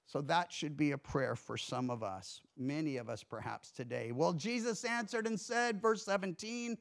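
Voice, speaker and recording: High-pitched guy preaching in church, earnest, gets loud then goes real quiet. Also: animated, normal speed. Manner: earnest preaching with emphatic rises and hushed drops. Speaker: pastor. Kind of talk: sermon.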